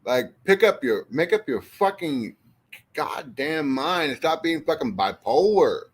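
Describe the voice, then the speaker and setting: Guy on a livestream, rambly and swears a ton, voice swings all over, kinda slow. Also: on the high side, husky. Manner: rambling, profane and animated, talking to chat. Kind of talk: casual livestream chat.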